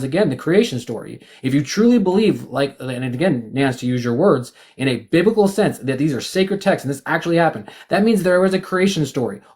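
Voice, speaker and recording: A man's voice: fairly high pitch, a little mellow. A man joining a casual group discussion, talking bluntly with profanity and lots of stammered restarts. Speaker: guest.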